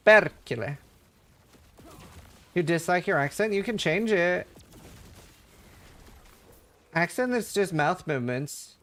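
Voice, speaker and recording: There's a high, slightly bright quality to this streamer's voice, expressive and unhurried with long pauses. Lightly accented and from Norway, he rambles to his viewers while gaming and reading chat, full of fillers and playful accent impressions.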